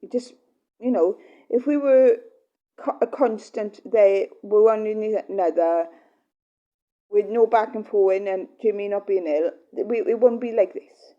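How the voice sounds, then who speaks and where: A woman's voice: mid-range voice, a little slow, mellow, highs cut off. A middle-aged woman, a mother, talking earnestly to her partner in a rambling, apologetic monologue full of fillers. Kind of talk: personal heartfelt monologue.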